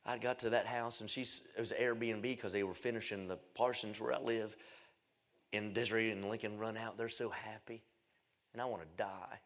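A middle-aged man, an evangelist preaching a revival sermon in a folksy, self-mocking storytelling way, swinging from loud to hushed. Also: lowish voice, fairly even intonation, normal speed.

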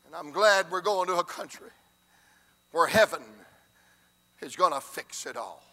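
A male preacher delivering a sermon in rhythmic, shouted, repeated exhortations. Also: a little high, unhurried.

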